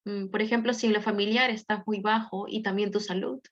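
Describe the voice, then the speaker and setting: A woman's voice: medium pitch, steady tone, fast talker. A woman interpreting a lesson phrase by phrase over a video call, choosing her words carefully. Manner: careful phrasing with small hesitations. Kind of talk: consecutive interpretation. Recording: dull lo-fi call audio.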